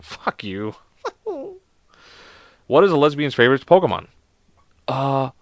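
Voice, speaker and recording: A man's voice: medium pitch, big pitch swings, measured pace, long pauses, no echo, clean studio sound. A man reading bad jokes aloud to his viewers, swearing a lot, laughing at the jokes and mocking himself. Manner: self-deprecating, exasperated. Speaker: video host.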